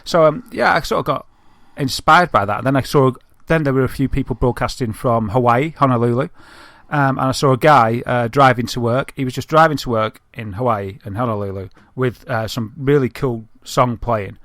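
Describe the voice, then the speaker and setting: A man with a Northern English accent chats casually on a podcast, drifting through long anecdotes full of fillers and restarts. His voice sits at a medium pitch and sounds dry, with no room echo. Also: normal speed, hardly any pauses, a bit bright. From Northern England. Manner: chatty, rambling storyteller with many fillers. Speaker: podcast co-host. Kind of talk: casual chat.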